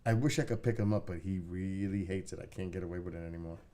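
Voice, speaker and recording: A man's voice: low-pitched, fast talker, dark tone. A man chatting casually on a live stream, laid-back and rambling, swearing now and then and talking to his dog between comments. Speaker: skywatching livestreamer.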